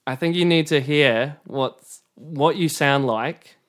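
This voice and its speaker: A man co-hosting a comedy podcast, speaking hesitantly with deadpan setups. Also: on the high side, takes it slowly. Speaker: podcast co-host.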